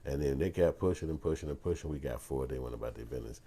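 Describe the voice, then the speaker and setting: A man's voice: very deep voice, fast talker, mellow. A man telling a personal story on his vlog, casual and profane, acting out heated arguments in other voices. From Chicago. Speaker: vlogger and filmmaker.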